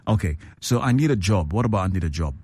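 A man's voice: sits low, expressive, fast, darkish tone, husky, no room sound. A man hosting a call-in radio show from a studio, playful and teasing, repeating phrases. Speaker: radio host.

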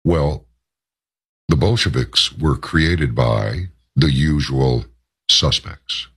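Very deep, gravelly-voiced male radio host. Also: a bit bright. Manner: emphatic, with drawn-out stressed words. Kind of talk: on-air opinion monologue.

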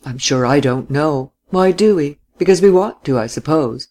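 A reader voicing a healthy, jolly young widow from a storybook. She speaks in high, distinct tones and is quick to mock and laugh. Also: lively intonation, a little mellow, natural voice. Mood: teasing.

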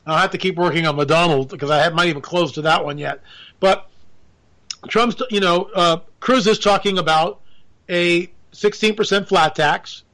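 Male commentator, high and bright voice, ranting sarcastically and excitably in a casual chat. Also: moderate pace, poor audio. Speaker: political commentator.

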